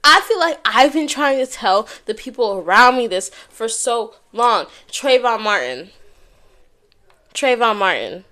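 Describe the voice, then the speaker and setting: A woman's voice: fairly high pitch, very animated, measured pace, bright, forceful tone. A young woman hosting her own podcast alone, talking candidly and casually into a microphone, swearing freely and often saying y'all. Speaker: podcast host. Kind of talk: casual solo talk to camera. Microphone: headphones and microphone.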